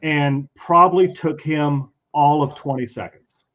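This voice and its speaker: A comic artist with a somewhat high voice speaks a little slowly, drawing as he relates a convention story in easygoing chat. His telling is animated, complete with acted-out voices of the people in it, over dull lo-fi stream audio.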